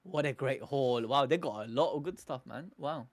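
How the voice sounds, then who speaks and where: A man hosting a live manga reaction, reading the panels aloud and breaking in with slangy, excitable asides and frequent laughter. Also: mid-range voice, moderate pace. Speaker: anime reaction streamer.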